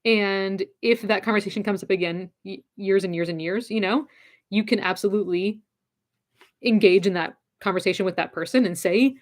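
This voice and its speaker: Woman, casual advice talk, encouraging, direct, repeats key phrases, mid pitch. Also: moderate pace.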